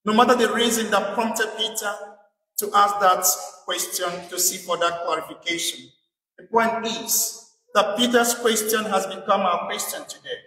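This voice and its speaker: A priest delivers a sermon in a high, bright voice, pressing his point with repeated rhetorical questions. He sounds distant from the mic, and the church carries a long, echoing reverb. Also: normal speed. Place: church in England.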